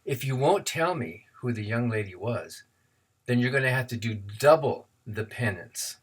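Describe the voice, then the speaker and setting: A man's voice: mid-range voice, lively intonation, normal speed, breathy edge. A man voicing a parish priest who coaxes and probes during a confession. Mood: coaxing. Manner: soft, coaxing, inquisitive. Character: probing, soft-spoken parish priest, middle-aged man.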